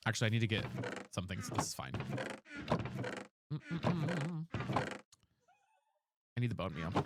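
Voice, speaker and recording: Sassy, animated male streamer chatting. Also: fairly low pitch, racing, very noisy. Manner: sassy, chatty, reads chat aloud. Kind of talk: casual live gameplay chat.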